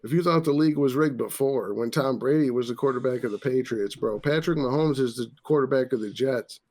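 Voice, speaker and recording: A man's voice: medium pitch, fairly quick, a little mellow. A man hosting a casual podcast, ranting profanely about sports after a few drinks. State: tipsy. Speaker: podcast host.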